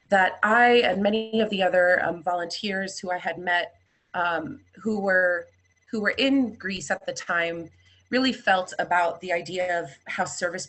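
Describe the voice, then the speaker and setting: A young woman reads a personal story in a measured, earnest way, then explains a slide with some hesitation. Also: lowish voice, a bit bright. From United States, Palestinian family. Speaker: speaker reporting back from volunteering.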